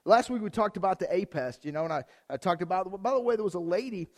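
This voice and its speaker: A male pastor delivers a loose, conversational sermon with a slightly raised pitch. He speaks straight to the congregation with plenty of energy, doubling back on words and restarting phrases as he goes. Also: lively intonation, fast talker. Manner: addresses the congregation directly.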